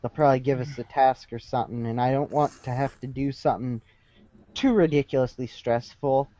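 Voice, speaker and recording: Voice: medium pitch, fairly even intonation, fairly quick, warm tone, no echo. A player in a tabletop game, talking casually in a wry, fretful way.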